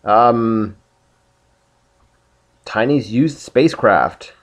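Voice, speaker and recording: A man's voice: on the low side, drawn-out words. A man hosting a casual video game playthrough, joking around and reading the game text aloud. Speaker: let's play host.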